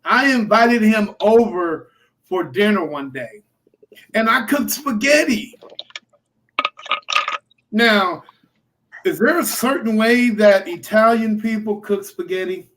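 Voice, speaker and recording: A man's voice: sits high, slow, pauses often. A man hosting a casual paranormal podcast chat, telling a story with jokes and laughs. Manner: animated storyteller, joking and laughing. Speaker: podcast host.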